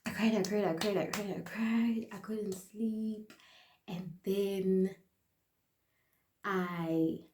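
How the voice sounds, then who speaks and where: A South African woman vlogger telling a storytime casually and chattily, often dropping to a quiet aside. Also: mid-range voice, fairly even intonation, slow pace, pauses often, roomy sound.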